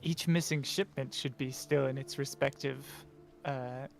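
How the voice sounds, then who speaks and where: A man's voice: mid-range voice, steady tone, measured pace, vocal fry. A man playing a tabletop game, reasoning aloud in a hesitant way. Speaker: player. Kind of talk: casual table talk.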